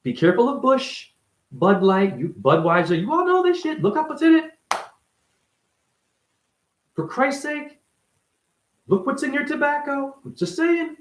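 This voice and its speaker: A man's voice: extremely high pitch, sing-song, unhurried, pauses often. A man delivering a profane, confrontational monologue as a self-styled spiritual teacher, firing rhetorical questions at the listener. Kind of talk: ranting monologue to camera. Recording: roomy echo.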